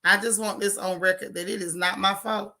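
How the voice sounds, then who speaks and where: Woman streamer, bright and teasing, casual chat. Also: mid-range voice, steady tone, a little fast. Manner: chatty, teasing, dramatic exclamations. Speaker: vlog host reading chat.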